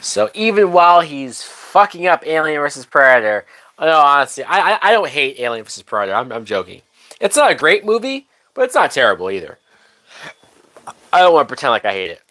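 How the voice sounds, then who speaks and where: A man's voice: fairly high pitch, sing-song, a little fast, bright, forceful tone. A drunk man hosting a livestream, giving casual movie commentary in a rambling, profane way that trails off mid-thought. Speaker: livestream host.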